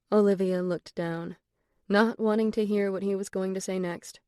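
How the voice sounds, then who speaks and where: A woman narrating an audiobook in a composed, even storytelling manner on a close studio mic. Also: mid-range voice, moderate pace, clear, resonant tone, no echo. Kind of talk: scripted narration.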